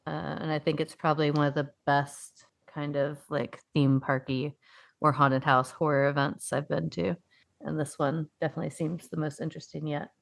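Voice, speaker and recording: A woman's voice: low voice, little pitch movement, normal speed, vocal fry. A woman co-hosting a podcast, chatting casually with many fillers and frequent swearing. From upstate New York. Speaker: podcast co-host. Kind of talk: casual chat.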